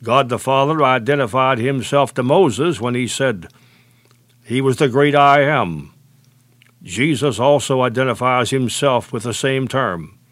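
Man preaching slowly and deliberately. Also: a bit bright, dry recording, clean studio sound. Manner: measured preaching, slowing and dropping low on key phrases. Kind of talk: sermon.

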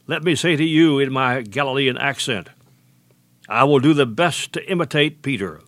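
A man preaching a sermon, speaking deliberately and slowing down to weigh each quoted verse. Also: medium pitch, a bit bright, dry recording. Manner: measured, deliberate preaching with slowed emphasis on quotations.

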